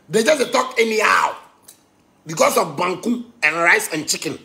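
A Ghanaian man rants in Pidgin-tinged English. His voice sits a touch high for a man and has a gravelly rasp. He swings from loud outbursts to low, heated muttering. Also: animated, normal speed. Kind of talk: angry rant.

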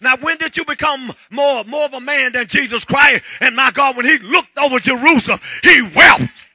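High-voiced preacher shouting in church. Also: male voice, moderate pace, breathy edge, dry recording. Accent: Southern American. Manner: preaching with call-and-response, shouting and half-singing. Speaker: pastor. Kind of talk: sermon. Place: church sanctuary.

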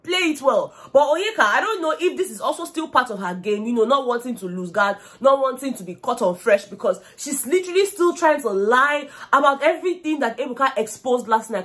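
Animated Nigerian woman vlogger. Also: a little high. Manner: animated, gossipy, mixes in Pidgin. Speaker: reality show commentator. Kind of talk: casual vlog commentary.

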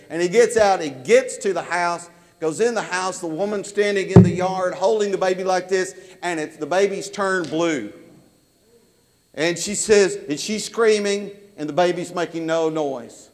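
A man preaching in a church sanctuary, his voice sitting a little high for a man. He tells his story with animation, then sinks into a quiet, earnest plea. Long reverb trails each phrase around the room. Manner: animated storytelling that drops to a soft, earnest appeal. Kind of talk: sermon.

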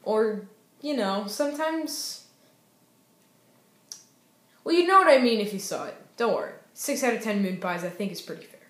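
A woman's voice: mid-range voice, expressive, normal speed, pauses often, reverberant. A young woman casually reviewing TV shows in a goofy, playful way, breaking into sing-song cheers. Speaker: YouTube TV show reviewer.

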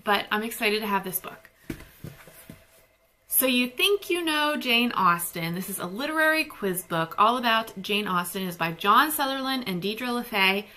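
A woman's voice: a little high, lively intonation, moderate pace, pushed and bright. A young woman chatting casually and gushing about books she received. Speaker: book vlogger. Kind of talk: casual book haul chat.

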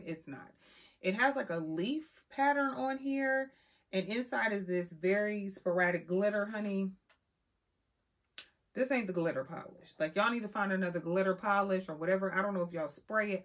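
Sassy woman doing a nail haul review, mid pitch, keeps saying honey. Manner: sassy, animated, says "honey" and "child" a lot. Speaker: beauty vlogger. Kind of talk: casual product review.

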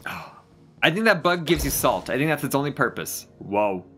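A gamer giving casual, excitable commentary while playing, often gasping and exclaiming, with the odd casual swear. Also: medium pitch, moderate pace. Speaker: let's play gamer.

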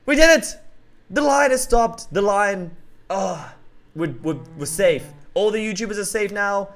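A man hosting a game roleplay who talks excitably and keeps yelling out names and exclamations. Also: high-pitched, unhurried.

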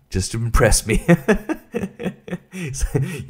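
A man's voice: mid-range voice, lively intonation, normal speed. Rambling, profane young man. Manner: rambling, profane, self-mocking with frequent laughs. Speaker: podcast host. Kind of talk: casual solo podcast monologue.

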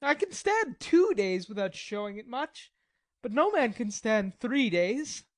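A woman's voice: fairly high pitch, very animated, unhurried, darkish tone, dry recording. A woman reading the part of a weary, hungry male Swiss mercenary soldier in an audiobook drama, nervy, wry and polite.

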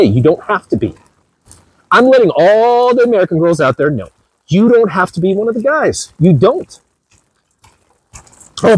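A man with a high, slightly rough voice is heard in poor audio with no echo. A vlogger giving dating advice, he lectures his viewers in an emphatic monologue outdoors by the beach during heavy rain.

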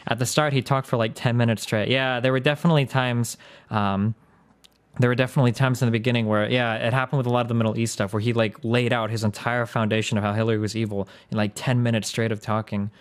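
A man's voice: mid-range voice, little pitch movement, fast, clean tone. A man hosting a livestream, talking casually and rambling, correcting himself often and filling gaps with "like" and "um". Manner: rambling, self-correcting, lots of "like" and "um". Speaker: streamer and debate host.

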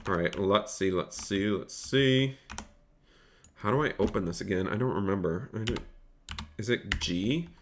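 A man live-streaming a roleplay game, chatting excitedly with his viewers and calling out to customers, often repeating his phrases. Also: fairly low pitch, measured pace, a little hiss or hum. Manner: excitable, chatty, talks straight to his chat; repeats phrases, calls out in a raised shop-counter voice. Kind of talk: live gaming stream commentary.

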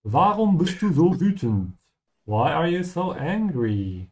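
A man teaching German through a game playthrough, patiently explaining words and repeating them slowly. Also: a little high, very animated, noisy background. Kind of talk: game playthrough language lesson.

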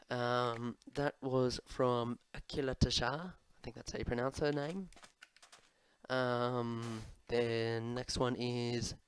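A man's voice: medium pitch, clear, resonant tone, low-quality recording. A young man rambling through viewer questions while he plays a game, full of ums, restarts and self-mocking asides, his throat a little sore. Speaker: gaming video host. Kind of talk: casual commentary while playing.

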